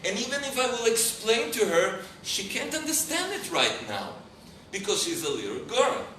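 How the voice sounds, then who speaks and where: Man, rabbi, lively storytelling lecture, fairly high voice, far off mic in a roomy, noisy hall. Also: moderate pace. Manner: animated, often searching for English words. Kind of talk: storytelling lecture to a live audience.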